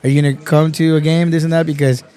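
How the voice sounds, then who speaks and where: Excited man telling stories, bit high. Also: quick pace, clean tone. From Texas. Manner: animated storytelling with frequent swearing and "bro". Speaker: podcast guest. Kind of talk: casual chat.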